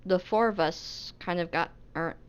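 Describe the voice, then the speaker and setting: A woman playing a character in a tabletop game, speaking in a hesitant, halting casual way. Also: lowish voice, clear, resonant tone, dull audio. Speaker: player.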